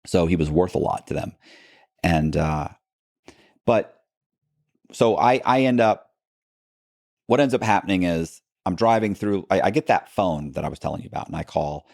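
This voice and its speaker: Interview guest, male, low gravelly voice, rambling storyteller who keeps restarting sentences. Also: expressive, normal speed, long pauses, darkish tone, no echo, studio quality. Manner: rambling, many restarts and asides, acts out quoted people. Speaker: podcast guest. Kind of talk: casual storytelling in a long-form interview.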